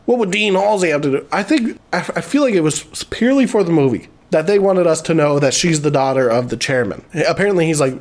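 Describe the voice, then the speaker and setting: A man's voice: on the high side, lively intonation, quick pace, few pauses. Swearing man casually recapping a movie. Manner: profane, rambling and offhand. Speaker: movie reviewer.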